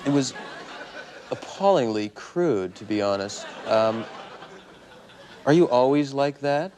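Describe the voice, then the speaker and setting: A man hosting a talk show, answering in a wry, understated and measured way in a studio with an audience. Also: mid-range voice, lively intonation, darkish tone, some chatter behind. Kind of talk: dry talk show banter. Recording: noisy broadcast tape with audience.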